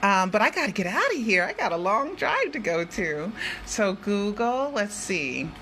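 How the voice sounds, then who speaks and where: A woman's voice: medium pitch, sing-song, moderate pace, bright, forceful tone, a little hiss or hum. An older woman who is a vlogger and investigative journalist, talking to her viewers in a chatty, emphatic way that circles back and repeats itself. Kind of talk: casual vlog talk.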